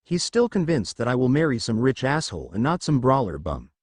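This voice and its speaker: A man's voice: medium pitch, big pitch swings, a little fast, dry recording, clean studio sound. A man voicing a sulky, complaining young woman in a read-aloud story. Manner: pouting, complaining.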